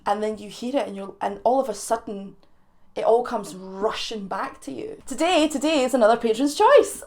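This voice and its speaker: A woman's voice: on the high side, moderate pace, darkish tone. A young woman with a Scottish accent hosting a chatty video channel, playful and teasing, laughing often between remarks. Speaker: YouTube reaction host. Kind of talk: chatty vlog to camera.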